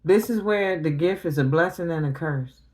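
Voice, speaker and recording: A woman's voice: deep voice, moderate pace, darkish tone. A middle-aged woman tarot reader talking on a livestream, grieving and confronting her family directly in casual, emotional speech.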